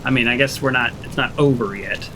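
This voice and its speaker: A man's voice: mid-range voice, fairly quick, noisy background. A man playing through a video game and commenting as he goes, musing aloud in a sarcastic, grumbling way. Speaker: gaming channel host. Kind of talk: let's play commentary.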